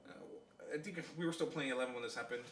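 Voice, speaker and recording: A man's voice: medium pitch, racing, a bit bright, reverberant, a little hiss or hum. A man co-hosting a podcast, telling a long story in a rambling, casual way with lots of fillers. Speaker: podcast co-host.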